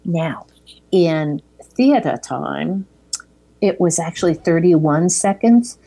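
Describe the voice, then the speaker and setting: A woman's voice: fairly low pitch, expressive, slow, vocal fry, mellow. A woman co-hosting a podcast, chatting casually as she retells film scenes and acts out the quoted lines. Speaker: podcast co-host. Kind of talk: casual chat recapping a film.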